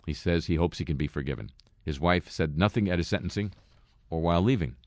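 A man's voice: low-pitched, fast, no room sound. A man hosting a satirical news segment, reading stories and tossing in wry, sarcastic asides. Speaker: comedy news host.

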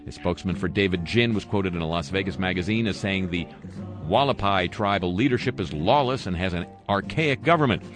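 A male radio host reading the week's news and adding dry, sardonic asides. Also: low voice. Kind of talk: satirical news commentary. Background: music under the voice.

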